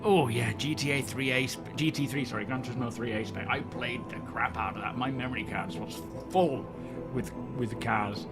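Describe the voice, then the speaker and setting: A man's voice: mid-range voice, moderate pace, music in the background. A man hosting a live stream, chatting casually and greeting viewers as he rambles.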